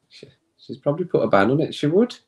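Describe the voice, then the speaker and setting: A man's voice: fairly high pitch, expressive, normal speed. A man hosting a casual watch-along stream, chatting with viewers and often laughing. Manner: chatty, reads chat comments aloud, laughs often, reacts to play. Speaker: live stream host.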